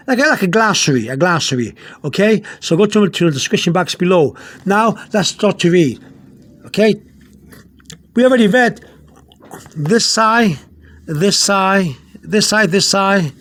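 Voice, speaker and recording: A man with a high voice gives a loose, unscripted video lesson. He rambles and stops often on fillers, says the same words twice, and slows right down to sound out foreign words. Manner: spells out Spanish words slowly. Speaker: Spanish teacher.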